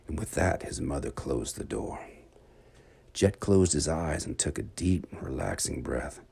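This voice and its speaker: A man narrating a children's bedtime adventure story in an expressive, dramatic read-aloud manner. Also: very deep voice, unhurried, creaky, husky.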